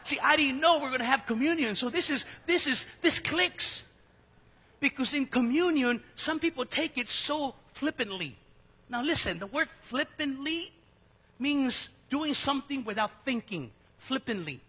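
A male pastor delivering a lively sermon in a church, joking and quizzing his congregation. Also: extremely high pitch, normal speed. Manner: lively, jokey preaching that asks the congregation questions.

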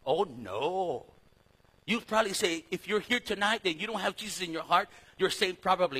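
A middle-aged man leads a Bible study in a high, bright, husky voice. He talks in a lively, casual way, swings from loud to soft, and keeps calling the crowd "man" and "dude." He grew up speaking Spanish. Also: normal speed. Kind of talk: sermon.

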